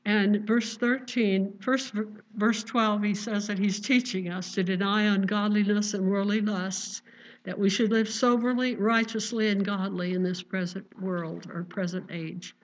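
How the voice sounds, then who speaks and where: An older woman preaching a sermon in a gentle, earnest, conversational way, quoting scripture. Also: mid-range voice, flat delivery, a little slow. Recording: dull lo-fi recording.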